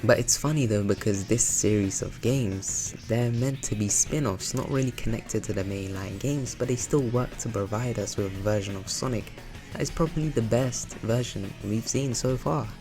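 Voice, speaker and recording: Creaky-voiced young man doing commentary. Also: lowish voice. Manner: casual, reflective. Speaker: video essayist. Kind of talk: analytical commentary. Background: background music.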